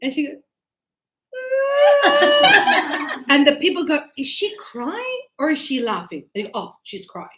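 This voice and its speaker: A woman's voice: high voice, wildly swooping pitch, normal speed, echoey room. A middle-aged woman teaching a grammar lesson to a class, acting out little scenes with voices as examples. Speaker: English teacher.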